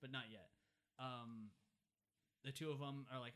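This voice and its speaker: A man co-hosting a casual chat, recapping a movie and acting out the quotes in animated style. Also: medium pitch, normal speed, long pauses. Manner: animated storyteller who acts out quotes. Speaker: podcast co-host.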